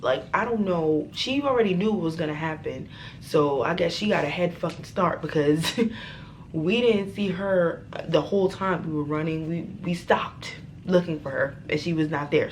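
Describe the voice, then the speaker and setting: A young woman vlogger telling a storytime tale in a dramatic, profane, animated way. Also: on the low side, moderate pace, a little hiss or hum. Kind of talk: storytime vlog.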